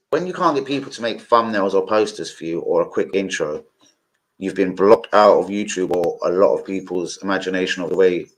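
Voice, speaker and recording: A man's voice: low-pitched, poor audio. Rambling, swearing man. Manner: rambling, swearing, many fillers. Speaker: football streamer. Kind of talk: casual live-stream chat.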